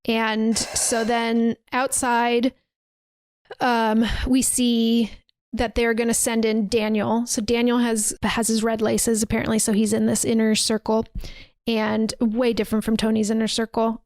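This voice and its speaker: A woman's voice: fairly high pitch, monotone, measured pace, darkish tone, no echo. A woman podcast host casually retelling a movie's scenes, acting out quoted lines with plenty of swearing. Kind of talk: casual chat.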